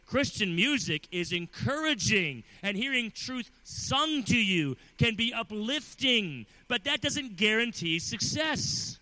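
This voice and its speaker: A bright, high-pitched man in his thirties preaches with earnest conviction. He moves between hushed stretches and forceful, loud emphasis. The sound is dry and close. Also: sing-song, slow, few pauses, dry recording, poor audio. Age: 30s. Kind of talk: sermon.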